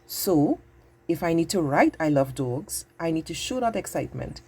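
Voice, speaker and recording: A woman teaching a patient, exaggerated grammar lesson to young children, speaking slowly and clearly. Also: low-pitched, big pitch swings, warm tone.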